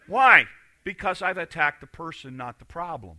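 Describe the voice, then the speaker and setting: A man preaching a sermon as pastor, swinging between loud emphatic lines and quiet, confiding asides. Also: on the high side, lively intonation, normal speed, no echo.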